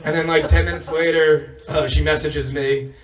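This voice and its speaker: A hoarse man losing his voice, telling a rambling, profane stand-up story on a comedy stage and chuckling as he goes. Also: a little high, little pitch movement, moderate pace, far from the mic, crowd noise, poor audio.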